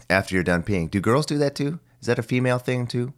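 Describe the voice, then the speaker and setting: A man's voice: mid-range voice, animated, fast talker. A man in his forties with a phlegmy voice that cracks now and then, musing aloud in a rambling, casual solo monologue. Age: 40s. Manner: rambling, musing, mildly profane. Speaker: podcast host.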